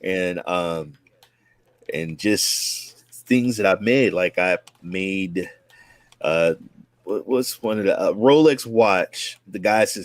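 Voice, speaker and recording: A man's voice: sits low, slow, no room sound. A man in his forties, from Oakland, telling his life story in a rambling, casual way with many restarts and acted-out quotes. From Oakland, California. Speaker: guest, content creator.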